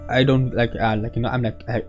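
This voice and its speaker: A man streaming a casual reaction to a video, excitable and laughing often, talking to his viewers. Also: mid-range voice, fast, faint music behind. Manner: excitable, laughs a lot, talks to chat as "bro" and "guys".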